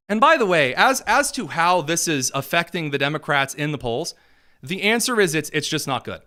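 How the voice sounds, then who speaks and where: Bright-voiced sarcastic male political host. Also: on the high side, lively intonation, a little fast. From Indiana, USA. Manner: sarcastic and mocking. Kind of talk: political commentary.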